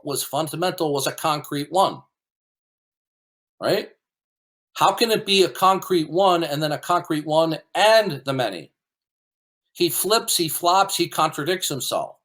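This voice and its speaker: A man's voice: a little high, a bit bright. A man hosting an online debate, talking in a combative, dismissive way and often repeating words as he argues. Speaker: debate host. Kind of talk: heated debate commentary.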